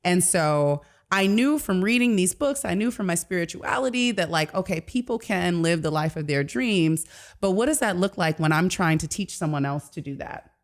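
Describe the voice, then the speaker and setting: A woman from Detroit, a life coach, tells her story in a podcast interview. Her voice sits a little low, and she talks with animated, passionate energy. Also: moderate pace.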